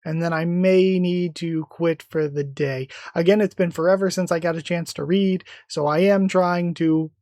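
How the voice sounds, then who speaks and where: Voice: mid-range voice, fairly even intonation, normal speed, hardly any pauses, darkish tone, no echo, clean studio sound. A channel host giving an enthusiastic, rambling live reaction to a comic, often circling back on their own points.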